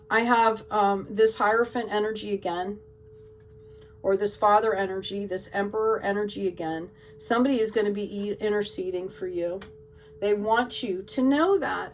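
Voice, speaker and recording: A woman's voice: medium pitch, distant mic, a little hiss or hum, rough recording. A woman giving a tarot card reading to her viewers in an emotional, gushing way, often checking in with "okay?". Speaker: tarot reader.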